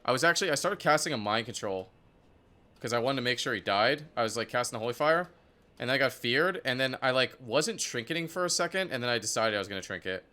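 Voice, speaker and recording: A young man giving casual commentary on his own competitive match, excitable and profane, full of "like" and "dude". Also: mid-range voice, fast talker. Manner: excitable, profane, filler-heavy talk. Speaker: esports player reviewing his match.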